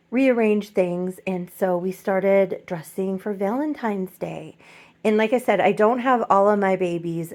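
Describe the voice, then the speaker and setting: Middle-aged woman, home vlogger, soft and rambling, some vocal fry, medium pitch. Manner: soft-spoken, rambling with many fillers; gently emotional. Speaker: doll collector vlogger. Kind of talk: casual vlog chat.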